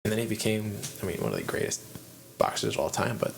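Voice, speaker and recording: A man hosting a podcast, chatting casually in a rambling, animated way with frequent restarts. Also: fairly low pitch, quick pace, gravelly, faint music behind, poor audio. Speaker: podcast host. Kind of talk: casual conversation.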